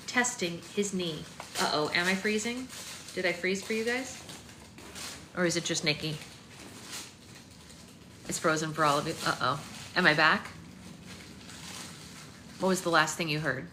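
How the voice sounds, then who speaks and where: Her voice is fairly low and unhurried, broken by long pauses, as she hosts a live book club and reads a novel aloud steadily with conversational asides. It's a live-stream read-aloud recorded in an echoey room carrying faint noise.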